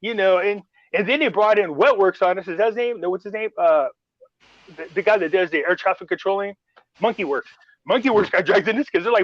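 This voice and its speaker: A show host chats casually, rambling through a story and acting out the dialogue of others. His male voice sits high and brisk, in a dry recording with the highs cut off.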